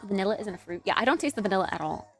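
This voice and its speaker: Young woman streamer, casual chat, giggly, chatty, mid-pitched voice. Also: lively intonation, rapid-fire. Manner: giggly, chatty, filler-heavy with "like".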